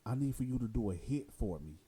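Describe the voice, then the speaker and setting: A man's voice: medium pitch, expressive, brisk, dark tone, breathy edge. A man voicing an angry male inmate who talks in a heated, profane way.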